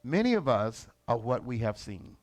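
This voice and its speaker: A man preaching a sermon as lead pastor, colloquial and animated. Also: mid-range voice, normal speed, soft background music. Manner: animated, colloquial, acts out characters.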